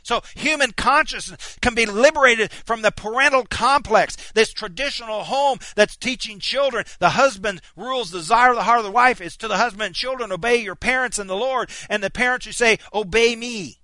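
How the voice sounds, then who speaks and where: A man preaching a sermon, impassioned, swinging from near shouts down to low, quiet asides. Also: brisk, few pauses, no echo.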